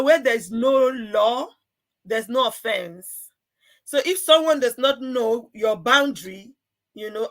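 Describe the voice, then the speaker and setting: A woman's voice: a little high, a bit bright. A woman hosting a talk show, speaking emphatically and drawing on sayings. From Nigeria. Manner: emphatic, uses proverbs and laughs along. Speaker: host.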